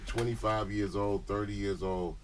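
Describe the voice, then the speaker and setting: A man guest on a radio talk show, speaking in an emphatic, punchy way with a deep booming voice. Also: fairly even intonation, normal speed, distant mic, a little hiss or hum. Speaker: musician guest. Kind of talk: casual radio interview.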